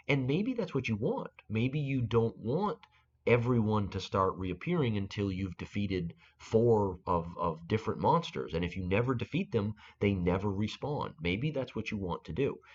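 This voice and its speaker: Man, lowish voice, hesitant tutorial host, many restarts, dull lo-fi recording. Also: a little mellow, slight background noise. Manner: halting explanation with frequent restarts and fillers. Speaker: game-making tutorial host. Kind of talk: screen-recorded software tutorial.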